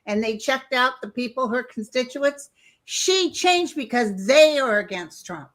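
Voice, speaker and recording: A woman in a casual political chat on a video call, emphatic and quick to agree. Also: a little high, animated, a bit bright.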